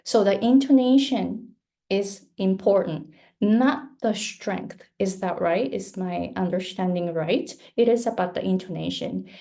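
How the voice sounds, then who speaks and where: Slow, mellow-voiced Japanese pronunciation coach. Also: female voice, mid-range voice. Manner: slow, patient, models words for learners to repeat. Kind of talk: live pronunciation lesson.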